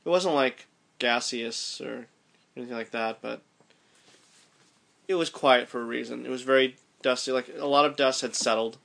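A man casually recounting a descent down a mine shaft, animated and restarting his sentences as he thinks aloud. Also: mid-range voice, moderate pace, vocal fry, pauses often. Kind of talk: casual storytelling chat.

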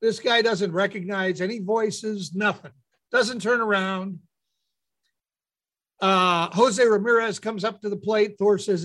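A man hosting a radio talk show, telling a lively anecdote and acting out what people said. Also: high-pitched, slow. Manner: animated anecdote teller, acts out quotes. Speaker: radio host. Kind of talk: casual storytelling on air.

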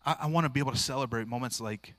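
Male pastor, informal earnest sermon delivery, tense bright tone. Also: mid-range voice, rapid-fire, dry recording. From rural area. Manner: earnest, plain-spoken, informal with frequent restarts.

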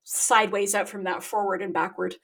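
A woman author talking in a relaxed interview over a remote connection, thoughtful and quick to laugh at herself. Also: mid-range voice, creaky, slightly rough. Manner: thoughtful, self-deprecating, laughs often. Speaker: guest author. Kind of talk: casual interview talk. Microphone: remote call.

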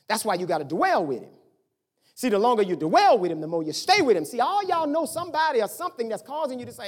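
A middle-aged pastor preaching a sermon in a conversational, animated way, firing off rhetorical questions at the congregation. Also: mid-range voice, fast.

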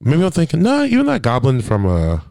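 A man's voice: medium pitch, huge pitch swings, fairly quick, creaky, dark tone, no echo, clean studio sound. A young man chatting on a casual podcast, telling rambling, profane stories packed with "like". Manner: rambling, profane storytelling full of "like".

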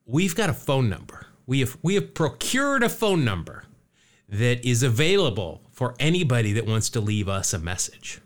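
A man's voice: mid-range voice, big pitch swings, moderate pace. A man hosting a casual podcast, joking around and rambling, with a lot of fillers and restarts. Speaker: podcast host.

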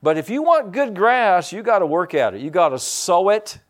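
A man preaches at a moderate pace in a high, very animated voice. He talks conversationally, says amen often, and moves back and forth between soft asides and loud, emphatic points.

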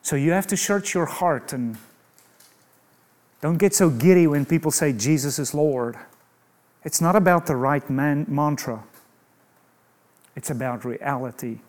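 A man's voice: fairly high pitch, darkish tone. A man preaching a sermon in an emphatic way, asking rhetorical questions and adding humorous asides.

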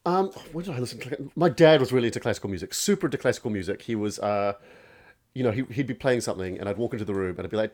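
A man's voice: mid-range voice, animated, rapid-fire, a little mellow. Joking man telling stories. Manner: jokey storyteller, acts out voices. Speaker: podcast guest. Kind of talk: casual chat.

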